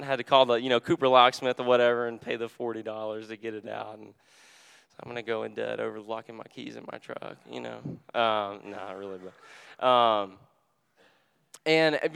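Casual young preacher, smooth low voice. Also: male voice, a little fast. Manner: conversational and animated, with frequent fillers; drops to a hushed voice when quoting Jesus. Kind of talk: sermon.

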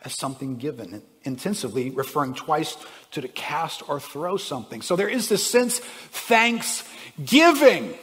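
A man preaching a sermon as pastor, swinging between loud bursts and hushed asides. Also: medium pitch, expressive, brisk, hardly any pauses, big-room sound.

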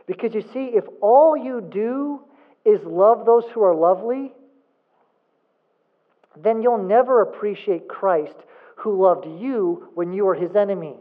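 A man's voice: sits high, measured pace. A man preaching a sermon as a pastor, emphatic, asking rhetorical questions and repeating points for emphasis. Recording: phone-like thin sound.

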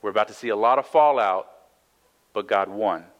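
A man's voice: lowish voice, normal speed, highs cut off. Man preaching a conversational sermon. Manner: conversational, frequent "right?" asides and restarts; reads scripture aloud then explains it. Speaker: pastor.

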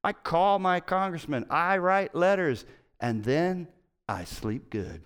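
A middle-aged man preaching a sermon as pastor, conversational and emphatic, swinging between loud and quiet. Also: on the high side, lively intonation, slow pace, clear, resonant tone.

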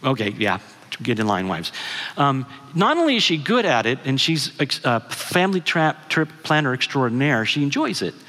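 A man's voice: mid-range voice, sing-song, moderate pace, a bit bright. Chatty man preaching in a reverberant hall. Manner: conversational storyteller, asks the audience questions. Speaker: guest speaker. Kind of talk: sermon with personal story.

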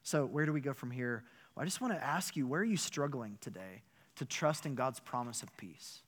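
A man, a pastor, delivering a sermon with animated, emphatic storytelling and rhetorical questions. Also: mid-range voice, a little fast.

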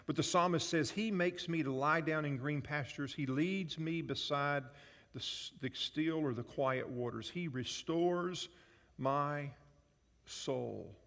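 A man's voice: on the high side, normal speed, a bit bright. A man preaching a sermon as pastor, telling personal stories and asking the congregation questions. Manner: storytelling with quoted voices and audience questions. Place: church sanctuary. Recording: church hall reverb.

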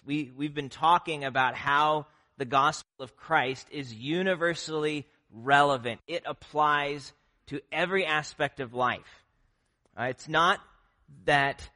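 A man's voice: fairly high pitch, pushed and bright. A man preaching a sermon as pastor, earnest and conversational, with occasional fillers and restarts.

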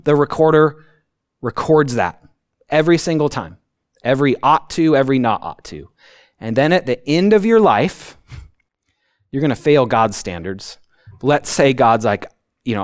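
Male pastor, mid-pitched voice, relaxed sermon delivery, dry close sound, punctuates points with "right?". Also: moderate pace, dry recording. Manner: conversational preaching, tags points with "right?"; acts out quotes with sudden high-pitched outbursts.

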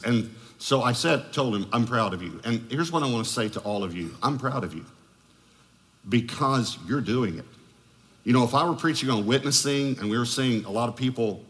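Storytelling pastor in a reverberant hall. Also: male voice, medium pitch, fairly bright tone. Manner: storytelling, joking asides. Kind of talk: sermon. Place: large church auditorium.

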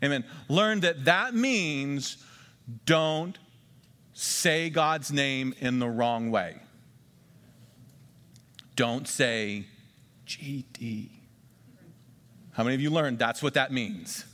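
A man preaching a sermon as pastor, emphatic and repeating key phrases slowly for the congregation. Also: mid-range voice, fairly bright tone. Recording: long hall reverb.

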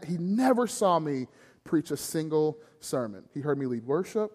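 A man's voice: fairly high pitch, expressive, moderate pace, darkish tone. A middle-aged man preaching a sermon, telling family stories with self-deprecating humor. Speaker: pastor. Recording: long hall reverb.

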